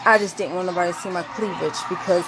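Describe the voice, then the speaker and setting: A woman telling a rambling story to camera, acting out quotes in a high voice. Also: fairly even intonation, quick pace, noisy background. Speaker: vlogger.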